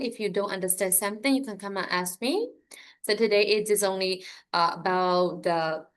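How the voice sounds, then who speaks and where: A woman from Myanmar with a Burmese accent, teaching an online English class and explaining slowly and carefully. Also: mid-range voice. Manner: slow, careful explaining, stressing example words.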